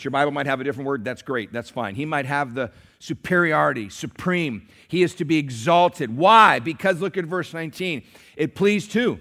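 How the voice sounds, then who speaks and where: A pastor preaching a sermon in a church, who has been a little sick this week. He moves from forceful scripture reading to conversational stories and calls on the congregation to answer. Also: fairly high pitch, expressive, brisk, in a large hall. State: a little sick, clearing throat. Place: church sanctuary.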